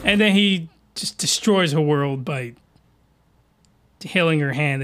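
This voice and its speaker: A man hosting a podcast, giving crude, animated reaction commentary that often rises into excited yelling. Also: a little high, a little slow, pauses often, faint music behind. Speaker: podcast host.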